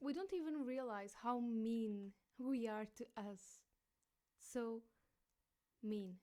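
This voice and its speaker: A woman's voice: a little high, slow, noisy background. A woman reacting to a video in casual commentary, gushing and reflective, saying "like" a lot. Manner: gushing, reflective, says "like" often.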